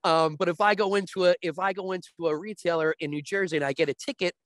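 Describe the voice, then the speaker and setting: A man as a guest on a talk show, explaining sports betting step by step and often checking with a quick "right?". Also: high-pitched, steady tone, a bit bright, no room sound.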